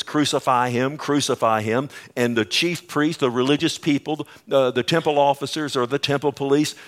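A man preaching a sermon, swinging between loud emphasis and hushed, slow lines, asking the congregation for responses. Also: medium pitch.

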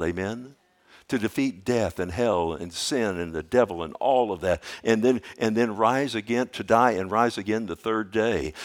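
A man with a lowish voice preaches to his congregation. He keeps asking them questions and moves between calm teaching and loud, forceful emphasis. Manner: swings between quiet explanation and loud emphatic stretches. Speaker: pastor. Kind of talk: sermon.

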